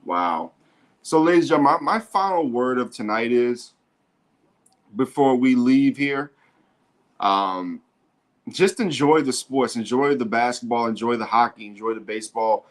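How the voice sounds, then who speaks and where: A man hosting a sports show, commenting live on a basketball game in an excitable way and often repeating himself. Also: medium pitch, unhurried.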